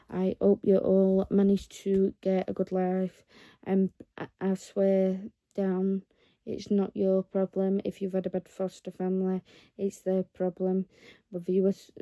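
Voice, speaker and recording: A woman talks to her viewers in an unhurried, rambling vlog, earnest and encouraging. Her voice is deep-toned and very mellow, with little rise and fall. It sounds close and dry, with no room around it. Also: no room sound. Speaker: vlogger. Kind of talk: casual talk to camera.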